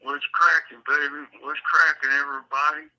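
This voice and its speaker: A man co-hosts a live chat over a phone call from a prison cell. He talks in loose, fired-up slang and keeps urging listeners on. His voice comes through very bright and forceful, with a slightly raised pitch. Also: level tone, normal speed. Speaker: co-host. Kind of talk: casual live-stream chat.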